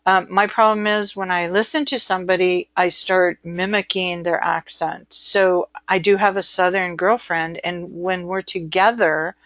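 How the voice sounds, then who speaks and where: An American woman lectures in a relaxed, rambling way, peppering her talk with ums and "you know." Her pace is unhurried and deliberate. The recording is dry and a little muffled. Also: lowish voice, dry recording. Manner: chatty, filler-heavy, slow and deliberate. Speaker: instructor.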